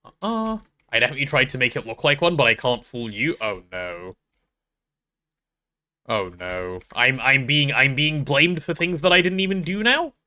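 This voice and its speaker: Fairly quick and animated, this young man's voice runs on the high side with a sharp edge. He's gaming on stream, chatting loosely and joking about himself in rambling stories.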